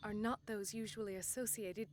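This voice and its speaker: In video game dialogue, an actress voices a determined young female doctor who is principled and blunt, speaking earnestly and firmly. Her mid-range voice has fairly even intonation at normal speed and sounds close to everyday speech.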